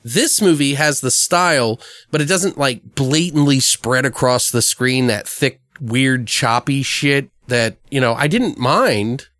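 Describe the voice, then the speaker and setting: A man's voice: medium pitch, measured pace, few pauses, fairly bright tone, no room sound, clean studio sound. A man hosting a casual horror film podcast, rambling through a story and swearing freely. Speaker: horror movie podcast host. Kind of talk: casual chat, film review.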